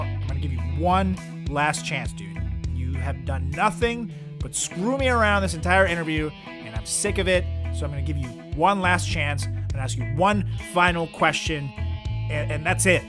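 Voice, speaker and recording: Exasperated ranting podcast host, music behind. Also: male voice, a little high. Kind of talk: comedic podcast banter.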